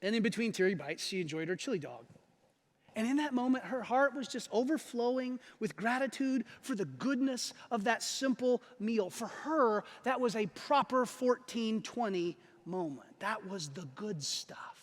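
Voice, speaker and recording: Male pastor, very high voice, lively storyteller who acts out the people he quotes, long church-hall reverb. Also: moderate pace. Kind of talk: sermon with personal storytelling. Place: church sanctuary.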